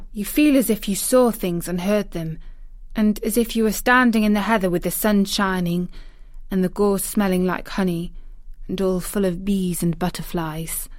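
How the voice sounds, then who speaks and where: A woman voicing a stubborn, outspoken young girl in a storybook reading, pitching her voice up to sound insistent. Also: no echo, studio quality, close to an everyday voice.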